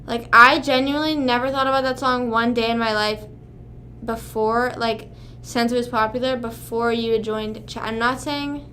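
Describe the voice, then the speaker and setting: A woman's voice: fairly high pitch, steady tone, normal speed, pushed and bright, slight background noise. Chatty young woman streamer, swearing. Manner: rambling, swears often, talks to chat. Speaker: livestream host. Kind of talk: casual livestream chat.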